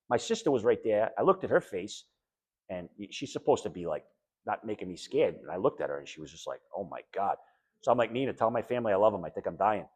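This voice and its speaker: Speaking to an audience about his own experience as a patient, this middle-aged New Englander is blunt, emphatic and conversational, acting out other people's words in animated voices. His mid-range voice is slightly rough.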